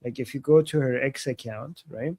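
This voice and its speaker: A man's voice: medium pitch, moderate pace, a little mellow, breathy edge, dry recording, clean studio sound. A man co-hosting a live stream in casual chat, rambling and restarting his sentences with lots of "like.". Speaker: co-host of a live analysis stream.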